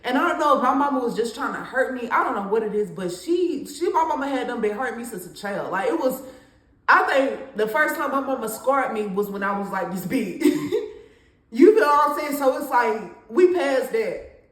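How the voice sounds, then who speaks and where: A young woman tells a personal story in a candid, conversational way. Her voice sits a little high. The recording has a noticeable room echo. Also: lively intonation, normal speed, a bit bright. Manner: candid, conversational, with laughs and slang. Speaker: storytime vlogger. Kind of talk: casual storytime monologue.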